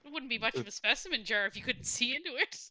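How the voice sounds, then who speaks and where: A woman's voice: on the high side, expressive, fast, pushed and bright, no echo. A woman playing in a tabletop game over a call, making wry asides. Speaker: player. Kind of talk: casual play over a voice call.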